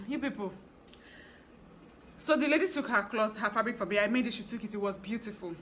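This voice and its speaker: Bright chatty Nigerian woman storyteller. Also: fairly high pitch, normal speed, a little hiss or hum. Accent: Nigerian English. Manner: chatty, animated storytelling with asides. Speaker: fashion business owner vlogger. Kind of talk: casual storytelling vlog.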